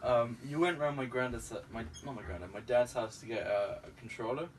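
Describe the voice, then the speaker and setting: A young man, chatting casually with a friend and telling stories in an animated way. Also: mid-range voice, brisk. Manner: animated storyteller, acts out quotes. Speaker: host. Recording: distant mic with faint background noise.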